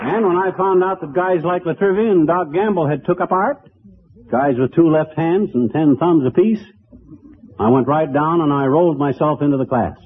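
A man's voice: a little high, moderate pace, slight background noise, natural voice. A man playing a brash, boastful small-town husband who mangles words, in 1940s radio comedy. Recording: tinny old radio broadcast, studio audience laughter.

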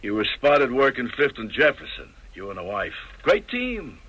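An actor playing a pushy, slangy mob messenger in a radio drama. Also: male voice, mid-range voice, huge pitch swings, moderate pace, fairly bright tone, breathy edge, highs cut off, heavily acted. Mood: cocky. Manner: slangy tough-guy patter. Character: pushy male mob messenger, sly and cocky. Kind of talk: 1970s radio drama acting.

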